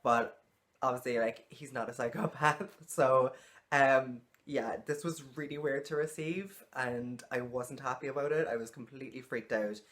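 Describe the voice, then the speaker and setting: A woman's voice: a bass voice, normal speed. A woman talking frankly to camera in a casual vlog, exasperated and swearing freely. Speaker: vlogger.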